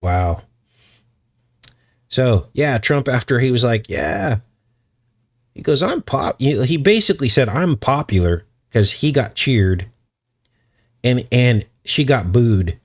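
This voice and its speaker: A man's voice: medium pitch, big pitch swings, slow pace, long pauses. A man hosting a casual livestream, rambling and chuckling as he answers his viewers' chat. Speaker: channel host.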